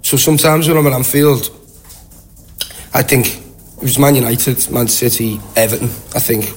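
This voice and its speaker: A Liverpudlian man with a Scouse accent, telling animated anecdotes in a casual interview. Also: mid-range voice, normal speed, slight background noise. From Liverpool, England. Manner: chatty, animated anecdotes with acted-out quotes. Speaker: guest. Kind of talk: casual storytelling.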